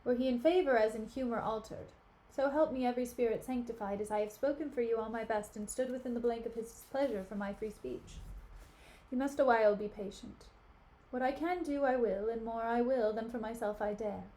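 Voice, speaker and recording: A woman's voice: on the high side, a little fast, dark tone, close to an everyday voice. A woman reading the part of Desdemona, an earnest young noblewoman, in a plain, sincere way.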